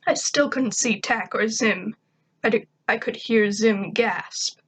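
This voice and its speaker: A woman's voice: a little high, slow, fairly bright tone, slightly rough, poor audio. A woman reading a first-person story aloud in a snarky, conversational way. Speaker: fan fiction reader.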